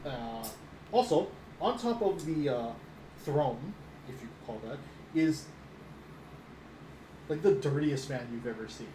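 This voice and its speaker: A man's voice: mid-range voice, lively intonation, a little slow, pauses often. Game master, man, loose rambling delivery, echoey room with background noise. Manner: rambling, many fillers, laughs at own descriptions. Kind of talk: narrating a tabletop game.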